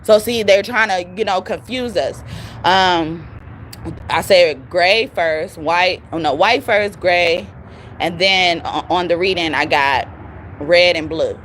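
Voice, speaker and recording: A woman giving a casual live tarot reading, with a strained voice, animated and profane, repeating phrases for emphasis. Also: lowish voice, slow, slight background noise. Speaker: tarot reader.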